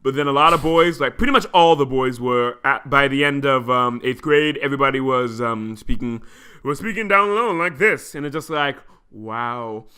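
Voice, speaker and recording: A young adult man co-hosting a casual podcast chat, laughing a lot and now and then jumping into a squeaky voice to mimic his younger self. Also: normal speed, pushed and bright, smooth. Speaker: podcast co-host.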